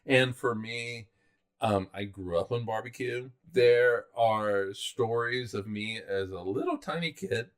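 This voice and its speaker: Speaking slowly at a medium pitch, this podcast co-host is a middle-aged South Carolina man. His talk is loose and meandering, packed with fillers and false starts.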